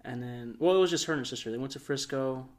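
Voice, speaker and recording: Young man, podcast co-host, casual storytelling, rambling, lots of fillers, mid pitch. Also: quick pace. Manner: rambling, full of "like" fillers, relaxed.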